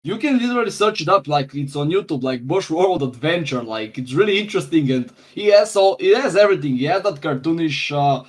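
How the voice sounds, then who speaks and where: Rambling young man, slightly high voice. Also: expressive, fairly quick, few pauses. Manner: rambling, many fillers. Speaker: guest. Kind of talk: casual podcast chat.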